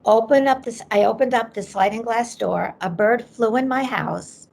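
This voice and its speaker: A woman's voice: on the high side, moderate pace, vocal fry. A middle-aged woman, a psychic medium, telling a personal story as an interview guest and acting out the voices she quotes. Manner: animated storyteller who acts out quoted voices.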